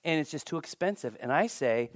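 A man preaching a sermon, telling a personal story in an animated, emphatic way. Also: fairly high pitch, fairly quick, no echo, studio quality.

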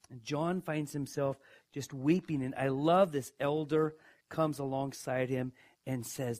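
A male pastor delivering a sermon in a mid-range voice. He is emphatic and questioning, dropping to a hush and then rising loud and high. His delivery stays animated throughout. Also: a little slow. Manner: emphatic, dramatic swings in pitch and loudness; asks the audience questions.

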